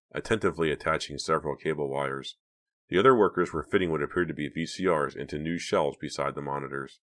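A man reading an audiobook aloud as narrator, steady and measured. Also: very deep voice. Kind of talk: scripted narration.

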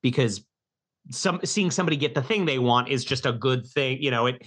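A man's voice: medium pitch, fairly quick, a bit bright. A man co-hosting a casual film podcast, talking in an easygoing, rambling way with casual swearing. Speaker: podcast co-host.

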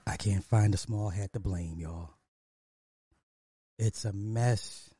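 A man hosts a casual commentary stream, drawing his words out slowly and repeating points for emphasis. His voice is dark and mellow. It is recorded dry, close to the mic. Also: on the low side, husky, dry recording. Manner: drawling, repetitive, emphatic, chuckles often. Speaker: commentary show host.

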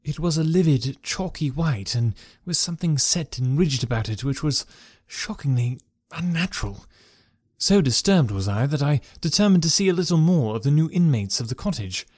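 Male story narrator, measured and dramatic; fairly high voice, dry close recording. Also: expressive, a little mellow, no echo. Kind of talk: scripted first-person story narration.

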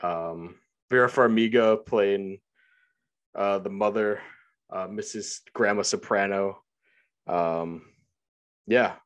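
A man co-hosting a podcast, giving relaxed, thoughtful film commentary in casual chat. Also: fairly low pitch, slow pace, long pauses, muffled recording. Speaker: podcast co-host.

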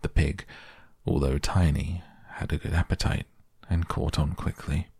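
A man reading a children's novel aloud as a calm bedtime audiobook, with a gravelly, husky voice. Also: rumbling low, measured pace, dry recording, studio quality. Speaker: audiobook narrator.

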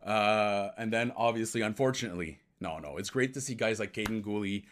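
A man's voice: lowish voice, brisk, a little hiss or hum. A Canadian man hosting a casual hockey analysis livestream, rambling and upbeat, now and then slipping into French. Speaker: podcast host.

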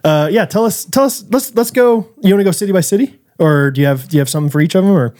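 A man's voice: sits high, lively intonation, fast, darkish tone. A man co-hosting a podcast, chatting playfully and joking around. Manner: playful, jokey, drops into silly voices. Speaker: podcast co-host. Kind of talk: casual podcast chat.

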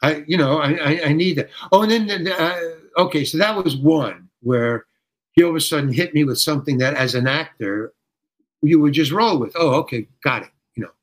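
Older man, lively storyteller, higher voice. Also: a little fast, low-quality recording. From United States. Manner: lively storyteller who acts out quoted voices, with frequent restarts. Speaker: guest actor telling stories. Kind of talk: animated anecdote telling.

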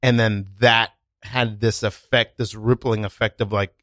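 Male podcast host, relaxed reactive chat, close dry recording. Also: on the low side, a little slow, no echo. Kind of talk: casual chat.

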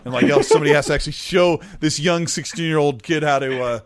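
Chatty man with a higher voice. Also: quick pace, no room sound, studio quality. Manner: chatty, reads out viewer messages. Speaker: streamer host. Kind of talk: casual live-stream chat.

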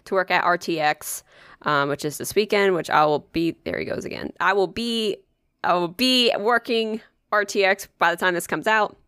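A woman's voice: lowish voice, moderate pace, fairly bright tone, smooth, dry recording, clean studio sound. A young woman co-hosting a podcast, telling rambling, profane stories in casual chat with lots of fillers. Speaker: podcast co-host.

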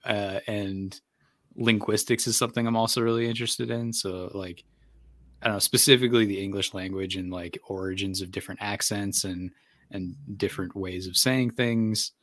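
A man's voice: fairly low pitch, fairly bright tone, no echo, studio quality. A man in a casual podcast chat, thoughtfully explaining with many fillers.

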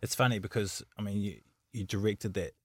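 A man with a lowish voice hosting a podcast, steering the chat. He throws teasing questions at his co-hosts in casual banter. The sound is dry and close. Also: fairly even intonation, brisk, breathy edge, dry recording. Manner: playfully quizzing, teasing. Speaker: podcast host.

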